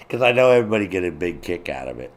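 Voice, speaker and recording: Middle-aged guy streaming, foul-mouthed, cracking himself up, lowish voice. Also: slight background noise. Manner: crude, profane, laughing a lot, reads chat. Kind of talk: casual live-stream chat.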